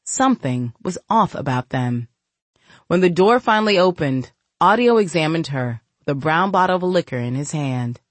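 A woman's voice: low voice, normal speed, dry recording. A woman narrating a gritty novel as an audiobook, reading expressively. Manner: expressive, voices each character. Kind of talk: scripted narration.

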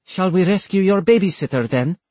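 Defiant young woman, lifted high and husky, bold and teasing, a man putting her on. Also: animated, moderate pace, dry recording.

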